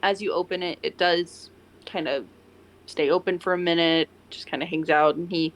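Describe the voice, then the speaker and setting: A woman's voice: fairly low pitch, steady tone, normal speed. A woman narrating as game master, rambling with many restarts. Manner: rambling, full of fillers and restarts.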